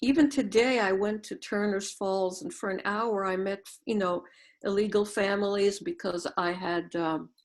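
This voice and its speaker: A middle-aged woman gives a Zen dharma talk over a video call. She speaks reflectively, telling stories and turning questions back to her listeners. Her voice sits at an ordinary pitch for a woman. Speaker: Zen teacher.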